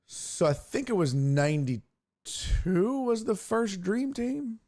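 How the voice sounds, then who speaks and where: A man's voice: high-pitched, big pitch swings, slow pace, a little mellow. A man hosting a casual livestream sports talk show who rants, swears and restarts sentences often. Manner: profane, ranting, restarts often.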